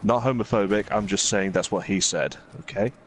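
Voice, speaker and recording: A man's voice: fairly low pitch, a little fast, a little hiss or hum. A man hosting a gaming video, casually retelling a story in a rambling way, full of fillers and quoted asides. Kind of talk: casual storytelling while playing a game.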